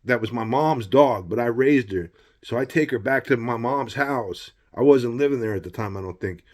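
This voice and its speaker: Middle-aged man, vlogger, rambling confessional storyteller, heated and passionate, mid pitch. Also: moderate pace, a little mellow. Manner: rambling, heated, frequent "you know what I mean". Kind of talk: personal storytelling vlog.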